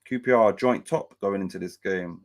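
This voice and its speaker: A man with a slightly low voice hosts a casual live match-day stream. He talks loosely, swears freely, and reads chat messages and other scores aloud between remarks. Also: fairly quick, darkish tone.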